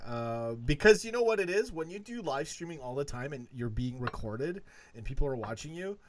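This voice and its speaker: Co-host, male, excitable and stammery, slightly high voice. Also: a little fast, a little hiss or hum. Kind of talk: casual live-stream chat. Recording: Skype call audio.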